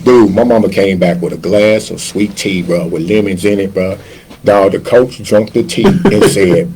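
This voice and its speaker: Give me a fifty-year-old man who tells stories with big animated swings. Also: fairly low pitch, normal speed, crowd noise, rough recording. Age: 50s. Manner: animated storyteller, slangy, acts out quotes. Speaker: chef guest. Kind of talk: casual storytelling interview.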